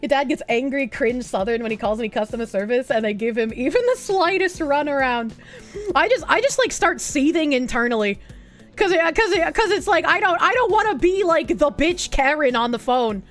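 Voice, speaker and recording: A young woman with a Boston accent, streaming and chatting casually with her chat in an animated way, swearing often. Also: high-pitched, fairly quick. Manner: animated, swearing, laughing, bursts into loud put-on yells. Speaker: streamer reading chat messages. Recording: faint music behind.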